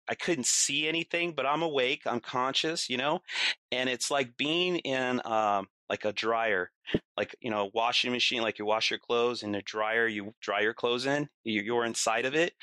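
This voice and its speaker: A middle-aged man appears as a podcast guest, casually recounting a vivid story packed with fillers and even acting out his own yelling. His voice is medium-pitched, and there's no echo.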